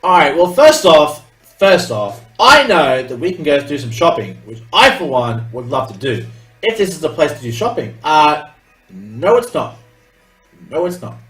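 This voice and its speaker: Casting: Australian let's-play host, sweary and animated, roomy distant mic. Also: male voice, on the high side, moderate pace. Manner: swearing, laughing, self-mocking asides. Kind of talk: gameplay commentary. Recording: echoey room, distant mic, game music.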